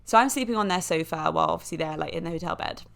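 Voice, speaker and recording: A woman's voice: deep voice, racing, creaky. Chatty woman telling a funny story. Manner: chatty and animated, lots of fillers, mimics other people. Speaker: podcast host. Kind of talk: casual storytelling.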